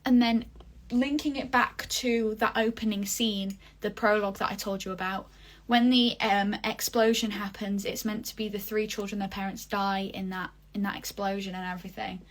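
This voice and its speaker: A woman's voice: mid-range voice, steady tone, moderate pace, hardly any pauses. A young woman talking casually in a vlog, reviewing a stage show with gushing enthusiasm and lots of fillers. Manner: chatty, gushing, many fillers. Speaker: vlogger.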